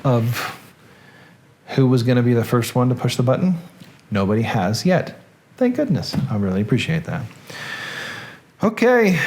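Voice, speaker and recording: A man with a Southern accent hosting a reading show, chatting in a loose, joking, rambling way. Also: fairly high pitch. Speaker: host. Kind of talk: casual show sign-off.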